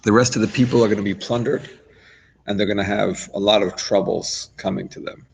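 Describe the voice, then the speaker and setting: A man's voice: on the low side, fairly even intonation, a little fast, creaky, breathy edge, poor audio. A man giving an informal Torah lesson, talking it through conversationally with asides and restarts. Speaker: rabbi teaching a class.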